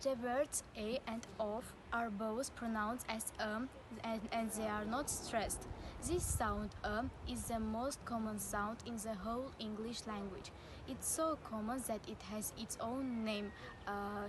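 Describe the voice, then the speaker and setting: A young woman from Armenia, a student, reading a phonetics tip carefully. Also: on the high side. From Artsakh, Armenia. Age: young adult. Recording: background noise.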